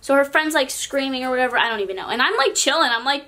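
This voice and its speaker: A teenage girl from California tells a story to her vlog camera, casual and chatty. Her voice is bright and sits a little high, and she leans on "like" in nearly every sentence. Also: animated, fast talker, few pauses. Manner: chatty, peppers speech with "like". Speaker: vlogger.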